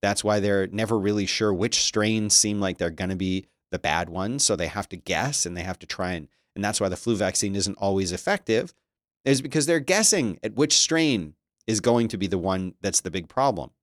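A man giving casual commentary as a streamer, reading news aloud with sarcastic, animated remarks and frequent laughter. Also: on the low side, normal speed, no room sound, clean studio sound.

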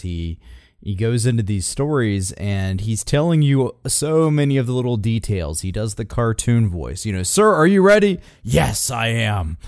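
A man giving casual commentary on a speech clip, relaxed and full of fillers. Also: low-pitched, no echo, studio quality. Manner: relaxed, many fillers, breaks off to mimic quotes.

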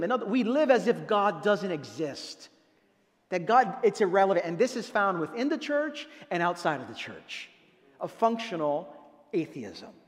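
High-voiced preacher in an echoing hall. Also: male voice. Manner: animated, dramatic retelling with quoted voices. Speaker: pastor. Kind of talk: sermon. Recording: long reverb of a large hall.

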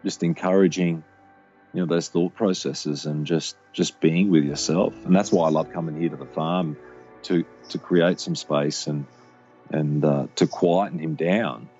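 Brief: low, mellow-toned male guest, thoughtful, pauses a lot with fillers. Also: fairly even intonation, lo-fi sound, soft background music. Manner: reflective, halting with many fillers. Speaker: podcast guest. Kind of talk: casual conversation.

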